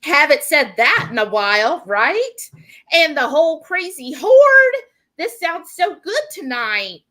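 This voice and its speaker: A woman's voice: sits high, sing-song, slow pace, bright, forceful tone. A woman hosting a casual live cooking stream from her home kitchen, chatting and reading viewer comments aloud. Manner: chatty, reads out and answers chat messages.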